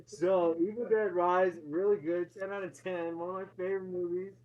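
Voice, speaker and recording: A man retelling a horror film's plot in a casual, excited, swear-heavy chat, laughing as he goes. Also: high-pitched, normal speed. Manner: excited, profane, laughing storyteller. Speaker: co-host, movie reviewer. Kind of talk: casual movie review chat. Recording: dull lo-fi sound.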